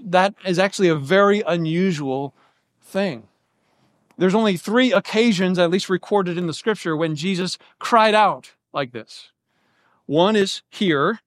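A man with a high voice gives a verse-by-verse Bible teaching, walking through each reading of the text point by point. He sounds close and dry, with no room sound around him. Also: dry recording. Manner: explanatory, lays out options step by step.

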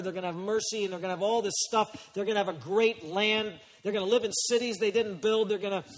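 A man preaching a sermon, dropping to hushed warnings and rising to loud urgent appeals, acting out his listeners' excuses. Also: sits high, big-room sound. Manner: acts out listeners' excuses in quick quoted voices. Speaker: pastor.

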